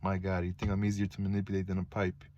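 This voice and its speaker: A man's voice: low-pitched, monotone, fast talker, darkish tone, highs cut off, close to an everyday voice. A man reading the lines of a bitter, sarcastic young prince in his own plain voice.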